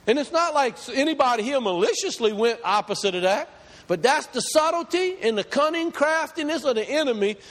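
A man preaching a sermon to his congregation, growing impassioned as he speaks. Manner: impassioned preaching, rising pitch as he builds. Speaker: pastor. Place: church hall. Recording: long reverb of a large hall.

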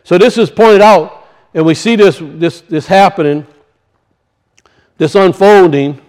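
A man's voice: sits high, a little slow, darkish tone. A man with a Cajun accent preaching a sermon, emphatic and folksy, often putting questions to the congregation.

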